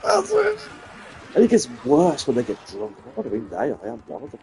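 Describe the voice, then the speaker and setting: A man's voice: medium pitch, very animated, fast, warm tone, a little hiss or hum. A man with a Birmingham accent, a streamer chatting casually and swearing freely as he reacts to clips. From English Midlands. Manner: sweary, chatty, slips into put-on voices. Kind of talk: casual chat.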